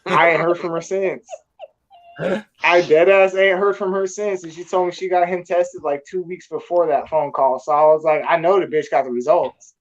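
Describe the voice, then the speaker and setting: A man from California tells a story in casual, crude, profane language. His voice sits a little high for a man, and the recording is dull and lo-fi. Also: fairly even intonation, normal speed. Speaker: storyteller guest.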